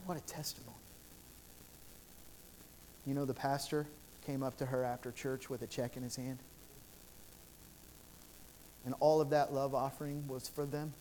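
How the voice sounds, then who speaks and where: A man's voice: medium pitch, little pitch movement, moderate pace, pauses often, dark tone, a little hiss or hum. A male pastor preaching a sermon in a church sanctuary, telling stories in an earnest, repetitive way with frequent restarts.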